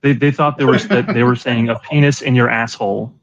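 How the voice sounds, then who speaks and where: A man's voice: medium pitch, fairly even intonation, a little fast, highs cut off, a crowd in the background. A man co-hosting a casual chat, eagerly retelling scenes with lots of stammered restarts. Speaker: podcast co-host.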